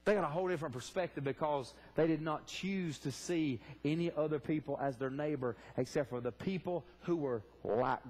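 A man preaching a sermon in a church, fervently asking the congregation direct questions. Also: fairly high pitch. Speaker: pastor. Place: church sanctuary.

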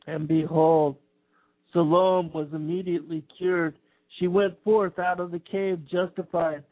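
A man reading an old scripture text aloud in a slow, measured, solemn way. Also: on the high side, fairly even intonation. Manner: slow, measured, archaic phrasing. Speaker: scripture reader. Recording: tinny phone-like sound.

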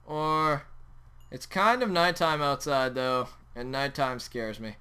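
A young man hosting a Minecraft let's play, talking excitedly over his gameplay and yelping at sudden moments. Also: mid-range voice, slow pace, clear, resonant tone. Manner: excitable, yelps and shouts at the game. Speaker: gaming channel host.

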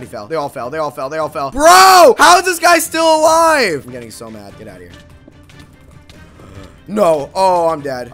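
A young man giving casual live gameplay commentary, excitable and quick to burst into shouts and panicked repeats. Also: mid-range voice. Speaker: gaming YouTuber.

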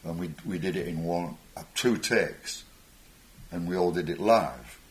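With a low pitch and lively intonation, an older musician on stage as a guest talks a little slowly. His storytelling rambles from anecdote to anecdote, punctuated by chuckles and acted-out voices.

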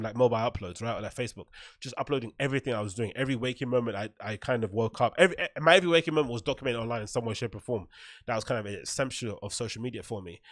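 A man's voice: medium pitch, dry recording, studio quality. A man hosting a podcast, giving a blunt, opinionated commentary monologue full of "right?" asides and swearing. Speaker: podcast host.

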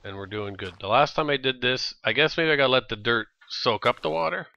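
A man with a Canadian accent streaming a video game, chatting in a rambling, jokey way and quick to laugh. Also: mid-range voice, creaky, bright, forceful tone, dry recording, lo-fi sound. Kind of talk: casual gameplay chat.

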